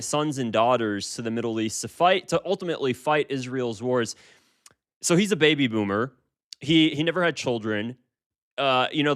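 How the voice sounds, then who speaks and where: A man's voice: mid-range voice, fairly bright tone. A man in his twenties giving casual political commentary, emphatic and repeating himself with frequent restarts. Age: 20s.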